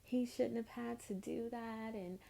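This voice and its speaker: A jealous, irritable young man, put on by a woman telling a story snaps and scolds with indignation. The voice sits a little higher than the teller's usual talk but keeps her gravelly, mellow tone. It comes across as a storytime vlog aside, not a full character voice. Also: steady tone, measured pace. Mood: scolding.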